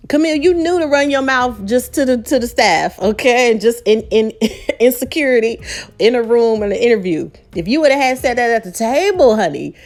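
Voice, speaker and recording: A woman's voice: fairly high pitch, expressive, a little fast, a little mellow. Sassy woman recapping reality TV. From Southern United States. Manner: sassy, talks straight to viewers. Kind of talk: casual reality show recap.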